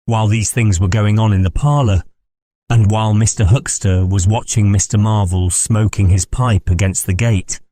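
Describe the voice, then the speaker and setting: Deep, dark-voiced male audiobook narrator.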